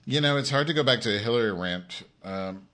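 A man's voice: mid-range voice, animated, a little fast, sharp tone. A man hosting his own live-stream show, in an angry, profane rant aimed straight at his audience.

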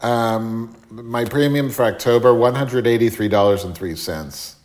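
A man chatting casually and telling a story in a sardonic, animated way, sometimes mimicking other voices. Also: mid-range voice, unhurried.

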